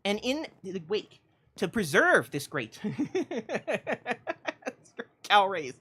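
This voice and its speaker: A woman streaming a game, telling a mock-epic tale in a theatrical way, swinging from loud declarations to hushed asides and laughing often. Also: medium pitch, big pitch swings, takes it slowly, breathy edge.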